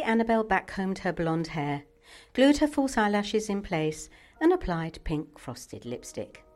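A woman hosting and narrating a bedtime story in a measured, scripted reading. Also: mid-range voice, a little mellow. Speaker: host and narrator.

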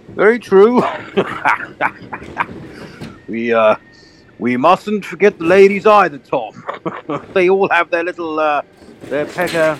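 A man playing a posh blustering old colonel, swooping voice, faint background hum. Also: a little high. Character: pompous old bargain-hunting colonel.

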